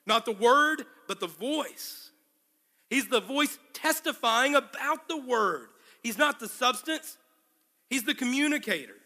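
A man's voice: sits high, sharp tone, in a large hall. A man preaching a sermon as pastor, dramatically acting out the biblical dialogue he explains.

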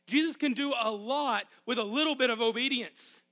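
A man's voice: extremely high pitch, normal speed, pushed and bright. A man with a Southern Arkansas accent preaching a sermon from a church, impassioned and emphatic with much repetition. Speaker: pastor. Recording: long hall reverb.

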